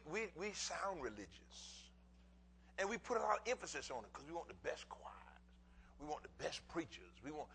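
Middle-aged male preacher, slightly high voice, very animated delivery, folksy repetition. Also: slight background noise, rough recording. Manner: preaching in bursts, swinging from low asides to shouts; folksy, repeats words for emphasis. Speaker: pastor. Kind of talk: sermon.

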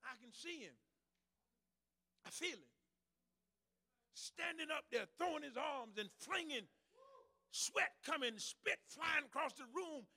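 A man preaching a sermon in a shouted, whooping style with rising cries. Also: extremely high pitch, animated, slow, long pauses.

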